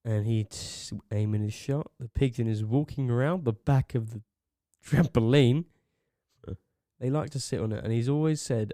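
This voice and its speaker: A young man co-hosting a podcast, giving excitable running commentary between laughs at a desk mic in a small home studio. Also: mid-range voice, moderate pace, no room sound. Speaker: podcast co-host. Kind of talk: casual chat.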